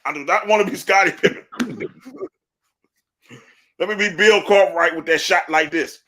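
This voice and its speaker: A man holds forth in loose, laughing sports banter and ribs people with gusto. His voice sits a little high and rings bright and forceful. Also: normal speed. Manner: animated, laughing, trash-talking. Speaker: podcast co-host.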